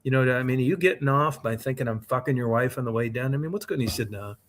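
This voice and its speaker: A man's voice: medium pitch, very fast. A man co-hosting a podcast, telling a long, profane anecdote in casual, rambling chat. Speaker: podcast co-host. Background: co-host's short reactions.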